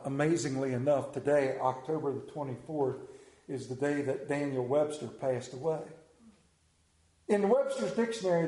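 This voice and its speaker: A man's voice: a little high, mellow, echoey room, low-quality recording. A male pastor giving a sermon, reading scripture, leading prayer and telling stories in a conversational, lightly humorous way. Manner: conversational storytelling, self-deprecating humor.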